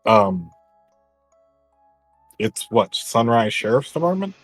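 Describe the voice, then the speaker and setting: Husky, low-voiced male player. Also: sing-song, no room sound, faint music behind. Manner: halting, polite, many fillers. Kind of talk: playing a character in a tabletop game.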